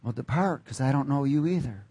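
A stern king passing judgment, as a preacher puts him on, speaking low, quiet and measured. It is short role-play within a sermon. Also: animated, slightly rough, dry recording. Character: stern divine king judging a soul.

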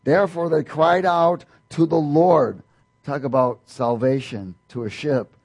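This sermon comes from a man with fairly even intonation and a measured pace, his slightly mellow voice showing vocal fry and a breathy edge. He reads scripture aloud and explains it, often lifting his pitch for quoted speakers, with light laughs.

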